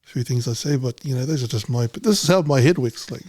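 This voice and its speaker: A man's voice: mid-range voice, fast talker, darkish tone, dry recording. A middle-aged man talking bluntly in casual chat, swearing freely and rambling. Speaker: podcast guest, businessman.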